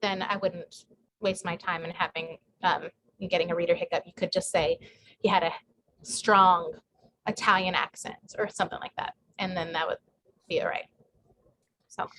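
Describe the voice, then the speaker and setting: A woman's voice: lowish voice, fairly even intonation, moderate pace, background noise. A woman author answering questions in a casual group chat on a video call, talking with many fillers and restarts. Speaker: guest author. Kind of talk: casual online group talk.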